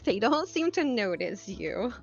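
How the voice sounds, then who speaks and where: A woman's voice: on the high side, big pitch swings, unhurried, creaky. A woman running a tabletop game as game master, narrating with plenty of hesitations and fillers. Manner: hesitant, lots of "um" and "like". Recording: lo-fi with faint background music.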